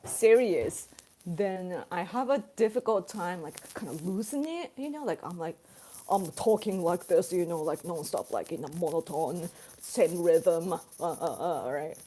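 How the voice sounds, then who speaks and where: A woman's voice: fairly low pitch, animated, unhurried, dark tone. A Japanese woman with a Japanese accent, hosting a casual livestream in English and chatting with viewers, laughing often as she acts out examples. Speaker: livestream host reading chat. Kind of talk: casual chat.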